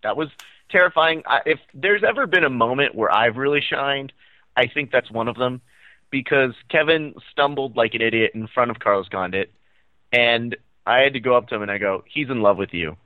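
A man's voice: medium pitch, normal speed, no room sound. A man co-hosting a podcast in casual chat, with dry teasing banter. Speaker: podcast co-host. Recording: dry, muffled mic.

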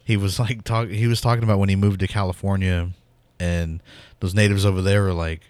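A man with a Southern Oklahoma accent chats in a loose, filler-heavy way and swears casually. His voice sits very low, and the sound is dry with no room echo. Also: level tone, fairly quick, a little mellow, clean tone. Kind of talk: casual chat.

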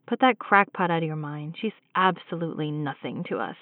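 A woman's voice: deep voice, brisk, dry recording, pitched below the performer's own voice, natural voice. A woman voicing a loving, protective husband speaking over the phone. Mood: soothing. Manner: soothing, protective. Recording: tinny phone line.

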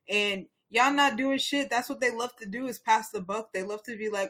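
A man's voice: high voice, a little slow, fairly bright tone. A young man co-hosting a casual talk show, speaking with passion, rambling and often restarting. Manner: impassioned, rambling, many restarts. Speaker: podcast co-host. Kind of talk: casual chat.

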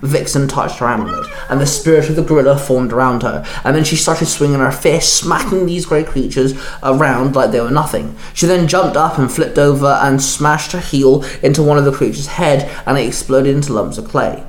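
A man's voice: mid-range voice, moderate pace, hardly any pauses. A man reading his fan fiction story aloud as narrator. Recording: echoey room.

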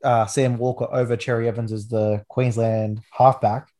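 A man's voice: mid-range voice, flat delivery, moderate pace, warm tone. A man in his twenties with an Australian accent, hosting a casual rugby league chat with enthusiastic, rambling talk full of restarts. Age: 20s. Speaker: podcast host.

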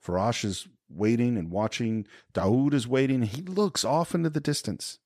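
A man's voice: medium pitch, normal speed, darkish tone, no echo, clean studio sound. A man hosting a film podcast, retelling scenes step by step with enthusiasm. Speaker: podcast host.

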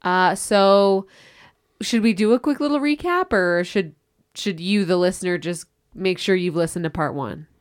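A woman co-hosting a casual history podcast, chatty and quick to laugh. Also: lowish voice. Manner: chatty, laughing, filler-heavy. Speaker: podcast co-host.

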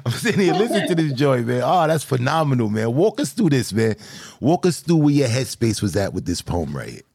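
An excited man hosts a casual interview, using slang and repeating his phrases as he praises his guest. His voice sits at an average pitch and sounds dry and close. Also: brisk, creaky, slightly rough, dry recording. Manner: enthusiastic, repetitive, slangy. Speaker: show host.

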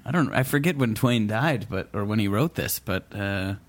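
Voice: medium pitch, animated, normal speed. An improviser playing a bookstore customer, bargaining with laughing disbelief. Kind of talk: improvised comedy scene.

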